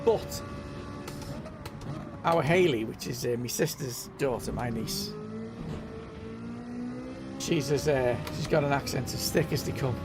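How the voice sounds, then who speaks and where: A man's voice: mid-range voice, unhurried, long pauses. A man with a mild Merseyside accent, chatting casually and rambling as he hosts a sim racing live stream. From northwest England. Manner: rambling, chatty, keeps saying "know what I mean". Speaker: gaming livestream host. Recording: live stream with music underneath. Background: game music playing.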